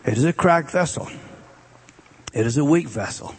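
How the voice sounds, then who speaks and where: A man preaching a sermon, explaining the meanings of words and swinging between emphatic raised passages and hushed, drawn-out repetitions. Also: a little high, lively intonation, breathy edge.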